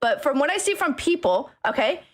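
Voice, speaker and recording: A woman's voice: high voice, sing-song, a little fast. A woman ranting angrily on a stream, swearing, repeating herself and tagging lines with okay. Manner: angry, keeps saying okay, swears, bursts into laughing shouts. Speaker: streamer ranting about a friend group. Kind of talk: emotional rant on stream.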